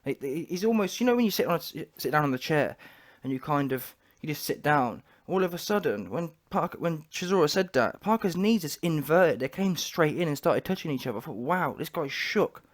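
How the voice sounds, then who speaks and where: High-voiced boxing pundit. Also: male voice, lively intonation, a little fast. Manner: opinionated, trash-talking, lots of restarts. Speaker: boxing commentator. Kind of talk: casual reaction commentary.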